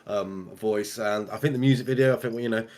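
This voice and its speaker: A man's voice: on the low side, brisk, darkish tone. A man co-hosting a music reaction video, chatting in an easygoing way and often calling his friend mate. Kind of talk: casual reaction chat.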